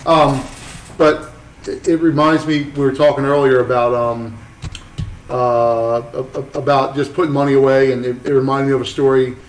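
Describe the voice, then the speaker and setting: A man's voice: mid-range voice, echoey room, far from the mic, slight background noise, poor audio. A man, a tattoo artist, telling a long story in rambling, profane casual chat with many restarts.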